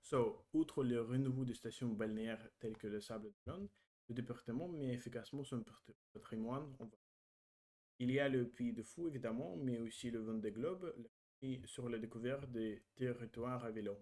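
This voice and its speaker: Halting man translating French aloud. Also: mid-range voice, warm tone. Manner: halting, hesitant, many fillers and self-corrections. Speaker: language learner vlogger.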